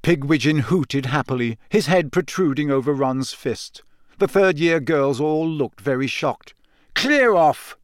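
A man narrating an audiobook in a measured, even storytelling manner. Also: medium pitch, dry recording. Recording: dry close studio sound.

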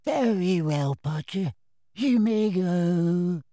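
A frail old wizard examiner with a thin, raised, quavering voice. He drawls each word out very slowly, in a warm, mellow tone. The sound is dry and close. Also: high-pitched, expressive, dry recording, voice pushed up, exaggerated voice. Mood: approving. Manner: slow, quavering and doddering. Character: frail, enthusiastic elderly male wizard examiner.

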